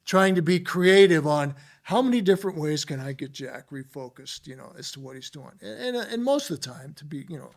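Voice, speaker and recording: Guy telling old ballclub stories on a podcast, kinda high voice, lots of "you know"s. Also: fairly quick, few pauses. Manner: animated, filler-heavy storytelling with many "you know"s. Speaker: podcast guest, former ballplayer. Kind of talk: casual storytelling interview.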